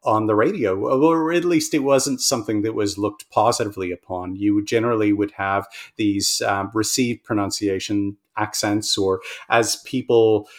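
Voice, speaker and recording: A man's voice: lowish voice, normal speed, hardly any pauses. An Australian man in a casual interview, explaining with many ums and restarts. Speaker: language researcher guest.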